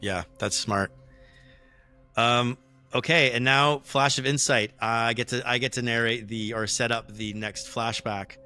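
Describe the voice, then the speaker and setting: A man explaining rules and narrating as game master, relaxed and hesitant with many fillers. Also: mid-range voice, unhurried, clean tone, faint music behind.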